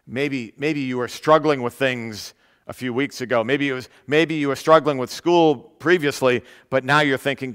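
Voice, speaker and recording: A man preaching a sermon in an earnest way, repeating key phrases and slowing down to stress them. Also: mid-range voice, fairly even intonation, fairly bright tone, clear, resonant tone, in a large hall. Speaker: pastor.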